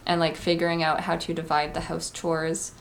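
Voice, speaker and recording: A woman's voice: low-pitched, little pitch movement, moderate pace, vocal fry, a little hiss or hum. A woman, talking casually and earnestly in a confessional vlog, full of "like" and advice. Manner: chatty, heavy use of "like", earnest advice-giving. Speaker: vlogger.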